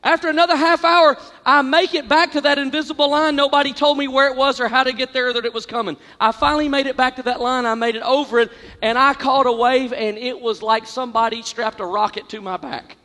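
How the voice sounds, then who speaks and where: A comedian with a very high voice does stand-up storytelling at a quick pace, animated and exaggerated. He swings between loud bursts and quiet asides, and his voice rings out with a long reverb through a large hall.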